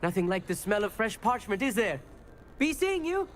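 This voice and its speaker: A man's voice: sits high, big pitch swings, moderate pace, fairly bright tone, a little hiss or hum. A man voicing an eager stargazing student. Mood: enthusiastic. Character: cheerful stargazing young male student.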